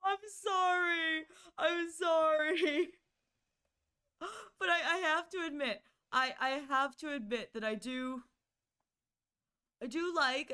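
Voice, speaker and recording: A woman's voice: high voice, a bit bright, clear, resonant tone. A woman streamer chatting casually and playfully with her viewers, rambling, giggling and restarting her words.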